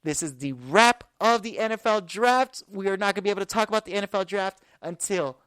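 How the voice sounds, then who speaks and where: A woman's voice: medium pitch, brisk, a bit bright, clear, resonant tone, no echo. A woman in her twenties hosting a sports podcast, talking casually and rambling with fillers. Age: 20s. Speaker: podcast host.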